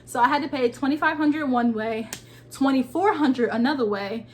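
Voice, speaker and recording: A woman in her twenties telling a personal story to her viewers in a casual, animated vlog. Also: high voice, moderate pace, a little hiss or hum. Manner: animated, talks straight to viewers with "y'all". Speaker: lifestyle vlogger.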